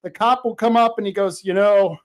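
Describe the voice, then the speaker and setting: Man, show host, blunt, animated storytelling, casual chat. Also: extremely high pitch, fairly quick. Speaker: host, independent journalist.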